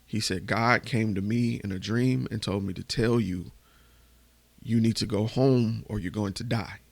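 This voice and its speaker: Low gravelly man telling his story. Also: fairly even intonation, unhurried, no room sound. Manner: candid, emotional, swears casually. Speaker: podcast host. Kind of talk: personal storytelling.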